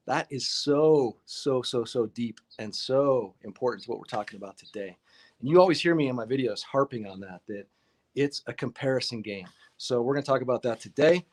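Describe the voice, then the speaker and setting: A man's voice: medium pitch, fairly quick, darkish tone. Guy teaching painting on a live stream, chatty, upbeat, middle-of-the-road voice. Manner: chatty and upbeat, greets viewers in the chat by name.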